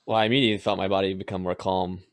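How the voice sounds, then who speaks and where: A man's voice: sits low, flat delivery, rapid-fire, no echo, clean studio sound. A man hosting a podcast, speaking hesitantly and searching for his words in casual conversation. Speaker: podcast host. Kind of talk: casual interview chat.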